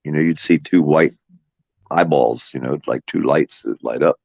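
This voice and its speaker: A man's voice: rumbling low, moderate pace, creaky, a little mellow, no echo. A middle-aged man telling rambling, profane stories in casual chat as a podcast host. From moved to Florida as a teenager. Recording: dull, dry sound.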